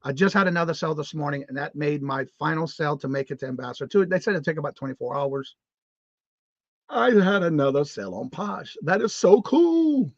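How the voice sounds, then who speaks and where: A chatty, upbeat man hosts a morning livestream, rambling a little and restarting his sentences as he reads comments. His voice sits slightly high for a man. The audio is dull and muffled, recorded in a dry, dead little room. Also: quick pace, dry recording. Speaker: host of a morning live show. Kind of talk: casual live-stream chat, reading viewer comments aloud.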